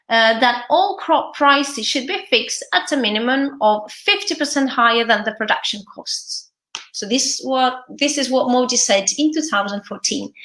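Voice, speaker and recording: A woman's voice: high-pitched, fairly bright tone, echoey room. A woman English teacher with an Italian accent, reading a news article aloud and explaining it, hesitating often with fillers and restarts.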